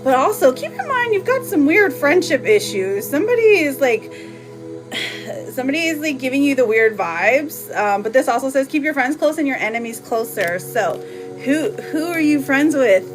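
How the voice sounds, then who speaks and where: Playful high-voiced woman tarot streamer. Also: sing-song, moderate pace, music in the background. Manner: chatty and playful, laughing often. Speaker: live tarot reader. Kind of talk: live-stream oracle card reading.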